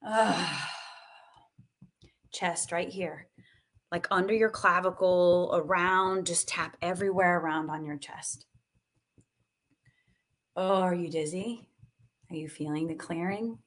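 Slow, soothing woman guiding a tapping session. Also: lowish voice, fairly bright tone. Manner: slow, soothing, sighing between cues. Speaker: tapping and meditation guide. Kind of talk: guided tapping session, live stream.

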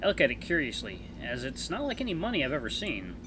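A man hosting a let's play, reading a visual novel aloud in a chatty, animated way. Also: medium pitch, background noise. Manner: animated, chatty, quick laughs.

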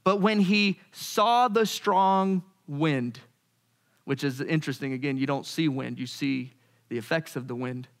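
A pastor preaching a sermon, lively and animated, shifting his voice when quoting others. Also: on the high side, unhurried.

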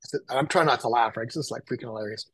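A man, telling lively anecdotes as a photographer guest and acting out what people said. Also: medium pitch, racing, dry recording, low-quality recording. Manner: animated anecdotal, acts out quotes. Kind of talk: casual storytelling.

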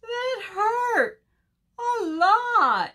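A woman voicing a small, weepy young male bird who wails tearfully in a high voice. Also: very animated, slow, fairly bright tone, full character voice. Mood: hurt.

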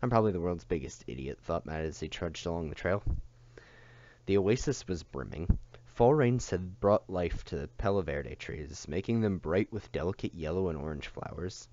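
Low-voiced man reading a novel aloud. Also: expressive, normal speed, dark tone, no room sound, muffled recording. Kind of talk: audiobook reading.

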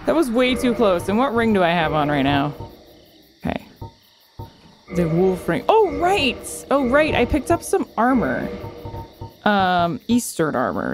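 A woman's voice: medium pitch, very animated, a little slow, pauses often, music in the background. A woman casually commenting on her own video game play, chatting to the enemies and exclaiming at close calls. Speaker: gamer streamer.

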